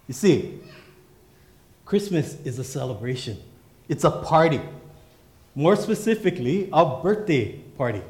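A pastor preaching a sermon in emphatic, repeating refrains. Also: male voice, medium pitch, lively intonation, moderate pace, long pauses, a little mellow, echoey room.

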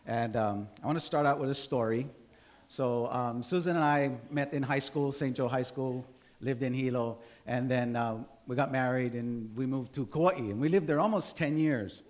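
A man in his sixties from Hawaii, a pastor telling a story in a relaxed, conversational sermon with many fillers. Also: mid-range voice, normal speed.

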